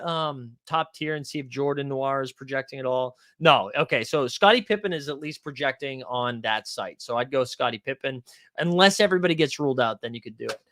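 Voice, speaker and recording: Fast-talking man hosting a live stream. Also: fairly high pitch, fairly bright tone, no echo, studio quality. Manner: fast-talking, says so himself; loose and profane, hedging picks aloud. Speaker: fantasy sports streamer host.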